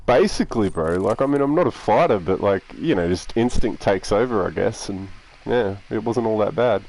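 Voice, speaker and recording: Laid-back Australian guy, low voice. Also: lively intonation, normal speed, vocal fry, darkish tone. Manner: rambling, laid-back, heavy swearing. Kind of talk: casual storytelling.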